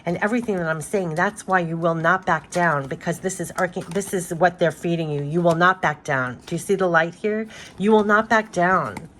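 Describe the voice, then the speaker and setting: A woman's voice: lowish voice, normal speed, a bit bright, slight background noise. A woman giving a spiritual card reading, talking in a loose, rambling way and repeating reassurances emphatically. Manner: loose and rambling with many restarts. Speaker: tarot card reader.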